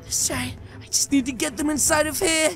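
A woman narrating a role-play game, talking to viewers in an animated, excitable way. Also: high voice, brisk, soft background music.

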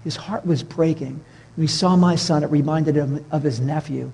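A middle-aged man preaching a sermon as a pastor, telling stories and dropping to a soft hush for tender moments. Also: fairly high pitch, moderate pace, gravelly, breathy edge, long reverb tail. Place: church sanctuary.

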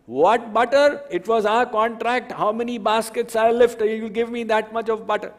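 A man's voice: very high-pitched, little pitch movement, normal speed, voice pushed up. A man voicing a playful, scolding young milkmaid woman. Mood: teasing. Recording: reverberant hall.

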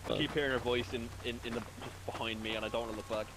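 A man playing along with friends, talking quietly and nervously in voice chat. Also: mid-range voice, little pitch movement, quick pace, a little hiss or hum, poor audio. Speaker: fellow player. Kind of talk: casual voice chat while gaming.

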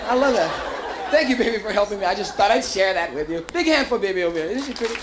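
A high, lively-voiced man doing stand-up with a Hawaiian Pidgin accent, swinging his pitch around as he teases the crowd. A live club recording off vinyl, with an audience laughing and a steady hiss. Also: fast talker. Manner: animated, playful crowd work with put-on voices. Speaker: stand-up comedian. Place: comedy club stage.

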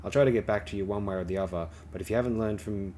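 A man's voice: lowish voice, very fast, warm tone, slight background noise, lightly acted. A man reading as a cautious, clever pilot. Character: wry male starfighter pilot, cautious and clever.

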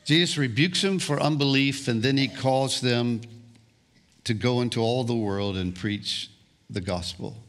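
A male pastor preaching a sermon, slow and deliberate, often restarting and repeating words. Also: mid-range voice, fairly bright tone.

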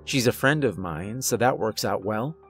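A man reading a first-person horror story aloud, with a measured, slow, dramatic delivery. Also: lowish voice, expressive, faint music behind. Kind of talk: scripted horror narration.

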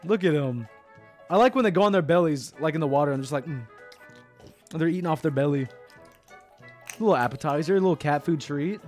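Excitable high-voiced young man streaming. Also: fairly quick, pauses often, soft background music. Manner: excitable, animated, swings between loud squeals and mumbles. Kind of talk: casual livestream commentary.

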